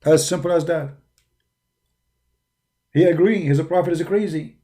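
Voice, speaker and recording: A man from the Arab world with an Arabic accent, speaking English as a second language with broken grammar, arguing forcefully in a preaching monologue. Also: on the high side, unhurried. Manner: forceful, argumentative, with non-native grammar. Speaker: religious debater.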